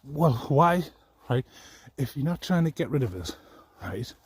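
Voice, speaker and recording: A man's voice: medium pitch, big pitch swings, normal speed, mellow, husky. A man ranting angrily to the camera in a rambling, profane, aggrieved way. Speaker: vlogger. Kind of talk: angry personal rant.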